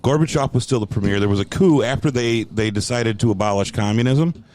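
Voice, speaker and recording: A man hosting a podcast in casual chat, telling animated, profane stories and slipping into put-on voices. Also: mid-range voice, a little fast, no room sound. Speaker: podcast host.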